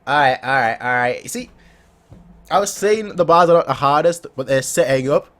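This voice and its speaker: A man's voice: a little high, animated, normal speed, a bit bright, slight background noise. A man hosting a reaction video, giving casual commentary and often stammering and restarting his sentences.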